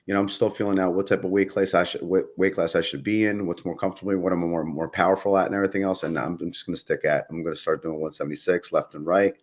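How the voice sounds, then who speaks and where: A man's voice: sits low, flat delivery, fast talker, hardly any pauses. A man chatting casually as a podcast guest, telling a rambling story and swearing often. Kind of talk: casual chat.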